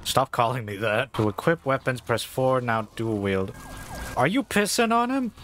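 A man's voice: mid-range voice, lively intonation, moderate pace, slight background noise. A man casually commentating while playing a video game, laid-back and joking, reading tips aloud. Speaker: gaming video host. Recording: voice over loud game music.

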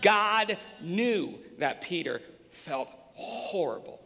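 A male pastor preaching a sermon in a church, swinging between hushed and shouting. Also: high voice, expressive, takes it slowly, vocal fry. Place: church sanctuary. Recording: long hall reverb.

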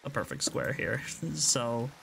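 A gamer chatting through casual gameplay commentary in an unhurried way, the pitch leaping up and down with every reaction. They get jittery and loop the same phrases when things go wrong, slipping in nervous laughs. A steady hiss of noise sits under the voice. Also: vocal fry. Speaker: gaming video creator.

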